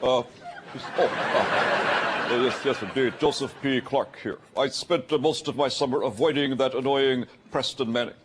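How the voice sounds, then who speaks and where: A man's voice: mid-range voice, normal speed, heavy background noise, close to an everyday voice. A man playing a bumbling party leader who stammers and keeps saying "yes, indeed", in a sketch. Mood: pompous bumbling. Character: bumbling hesitant male party leader impression. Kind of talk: sketch comedy.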